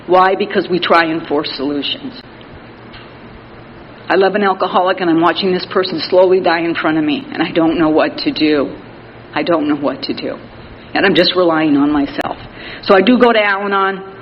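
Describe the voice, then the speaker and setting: A woman's voice: lowish voice, moderate pace. A middle-aged woman telling her story at an Al-Anon meeting, plain-spoken and candid, with wry self-mocking humor and many "you know" fillers. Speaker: Al-Anon speaker. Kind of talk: recovery meeting share. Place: meeting hall. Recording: reverberant hall, slightly dull audio with faint noise.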